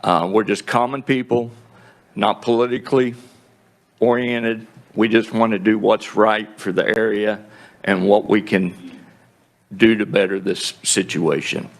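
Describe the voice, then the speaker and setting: A man testifying before a committee, halting and plain-spoken, clearing his throat often. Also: on the low side, steady tone. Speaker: groundwater district representative testifying.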